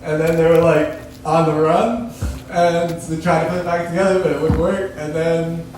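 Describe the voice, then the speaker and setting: A man's voice: fairly high pitch, flat delivery, normal speed, noisy background. A man doing rambling stand-up storytelling who keeps laughing through his own lines. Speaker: stand-up comedian. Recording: echoey room from a distant mic.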